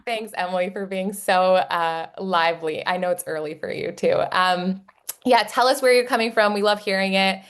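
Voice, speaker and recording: A woman's voice: medium pitch, moderate pace, clear, resonant tone. A woman with a Texan accent hosting a webinar over a video call, bubbly and chatty, with plenty of fillers. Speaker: webinar host.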